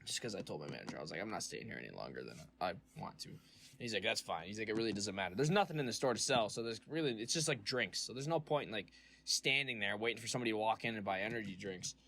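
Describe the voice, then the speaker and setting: Young male podcast co-host; lively, anecdotal, profane; faint room noise. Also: fairly low pitch, fast. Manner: animated storyteller, acts out quotes, swears freely. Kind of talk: casual chat.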